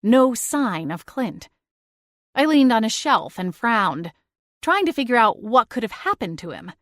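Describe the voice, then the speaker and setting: A woman's voice: a little high, big pitch swings, a little slow, no room sound, studio quality. A woman narrating a cozy first-person audiobook, reading expressively and acting out exasperated dialogue.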